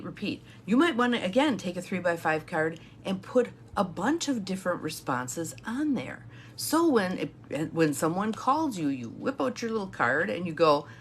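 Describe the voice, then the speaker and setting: Lively, emphatic woman coaching viewers. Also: mid-range voice, slight background noise. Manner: lively, emphatic, repeats key phrases. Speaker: intuitive guidance coach. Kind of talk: live-stream coaching talk.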